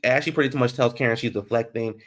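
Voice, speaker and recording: Speaking quickly in a medium-pitched voice, this man casually recaps an episode of reality TV. His delivery is sassy and lively, alternating between loud bursts and quiet, muttered remarks.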